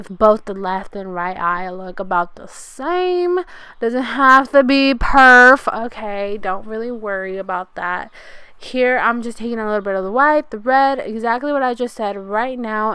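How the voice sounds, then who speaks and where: A woman's voice: fairly high pitch, a bit bright, smooth, dry recording. A woman, chatting casually through a makeup tutorial as a beauty vlogger. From California. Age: 20s. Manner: chatty, casual, addresses viewers as "you guys".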